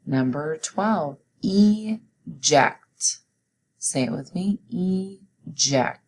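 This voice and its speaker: A woman teacher giving a recorded spelling test, reading each word slowly and deliberately and pronouncing it clearly. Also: low-pitched, darkish tone, poor audio. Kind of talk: recorded classroom spelling dictation.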